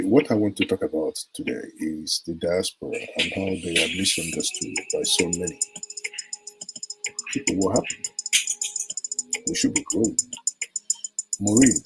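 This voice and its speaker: A man's voice: low voice, rough recording. A middle-aged Nigerian man with a Nigerian accent hosting a live-stream chat, reading viewer comments, laughing often and wandering into stories. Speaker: live show host.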